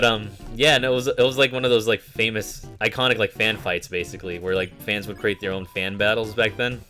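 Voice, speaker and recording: A man's voice: on the low side, sharp tone. A man streaming a game, rambling casually with many fillers and reading game text aloud. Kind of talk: casual gameplay commentary.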